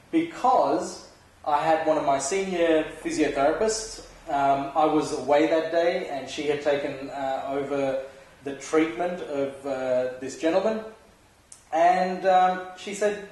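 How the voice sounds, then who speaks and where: A man's voice: a little high, a little slow, darkish tone. A man giving a physiotherapy lecture in a casual, conversational way, asking the audience rhetorical questions. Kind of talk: recorded university lecture. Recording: echoey lecture hall, mic at a distance.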